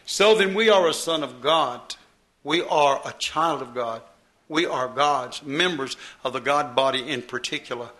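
Man, preacher, sermon, folksy, emphatic, repetitive phrasing, bright forceful voice. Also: medium pitch, unhurried.

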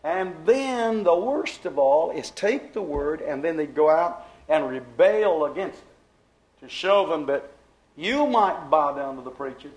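Fervent folksy male preacher, slightly high. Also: lively intonation, a little slow, a little mellow, rough recording. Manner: emphatic, folksy preaching with dramatic drops in volume. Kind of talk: fervent storytelling sermon.

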